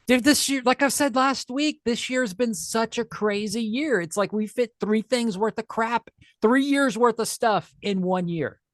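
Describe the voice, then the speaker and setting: A man's voice: very high voice, unhurried, no room sound, studio quality. A man co-hosting a podcast in casual chat, joking and laughing often. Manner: jokey, laughs often, does goofy voices. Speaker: podcast co-host.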